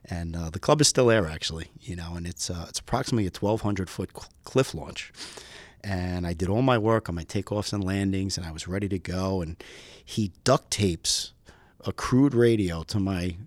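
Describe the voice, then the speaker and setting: A man's voice: low-pitched, moderate pace, dry recording. A man from the US East Coast, a police aviation lieutenant telling stories as a guest and laughing often. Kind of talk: storytelling interview answers.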